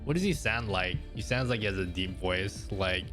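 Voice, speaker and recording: A man's voice: sits low, animated, normal speed. A man streaming live, chatting casually with viewers in an easygoing, rambling way and laughing often. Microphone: studio mic through audio mixer. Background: faint background music.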